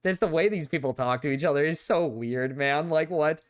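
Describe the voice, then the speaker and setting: A man's voice: a little high, moderate pace, hardly any pauses. Male streamer, casual reaction commentary, reads text aloud, incredulous asides. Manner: reads quotes aloud, interrupts with incredulous remarks, bursts of loud laughter.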